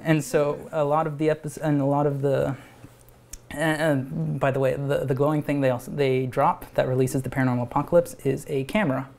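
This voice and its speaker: Animated, rambling man pitching his cartoon. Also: a little fast, gravelly. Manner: rambling and animated, laughs often, many restarts. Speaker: animator and show creator. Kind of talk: pitching a cartoon at a live event. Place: live event venue.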